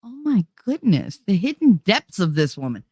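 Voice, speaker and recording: Very animated and slightly rough, with a darkish tone, a woman hosting a casual livestream talks to viewers at a normal speed. She swears freely, laughs a lot and swings her pitch high and low, recorded on a desk microphone in studio quality with no echo.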